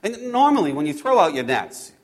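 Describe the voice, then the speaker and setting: A man playing Peter, a hot-tempered fisherman, telling his story in the first person with halting, repeated words, hushed one moment and loud and exasperated the next. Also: on the high side, sing-song. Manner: swings between hushed awe and loud exasperation. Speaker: actor in a first-person biblical monologue.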